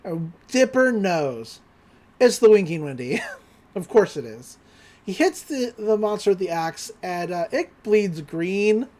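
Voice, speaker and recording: A chatty woman retelling a cartoon episode on a podcast, full of "like" and "uh". Her pitch is lively and expressive, swinging up and down as she narrates. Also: slow. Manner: chatty, animated, filler-heavy. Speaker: podcast host. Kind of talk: casual episode recap.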